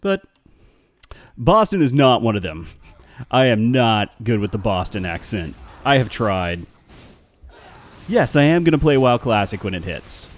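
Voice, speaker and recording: A man's voice: medium pitch, big pitch swings, a little slow. A man chatting casually on a live game stream, rambling and answering his chat.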